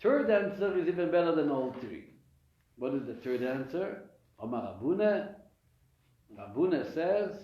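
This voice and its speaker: Slightly high-voiced and speaking at normal speed, this rabbi gives an animated live Torah lesson for his weekly class, questioning and answering himself with many restarts. The recording is dull and lo-fi in an echoey room.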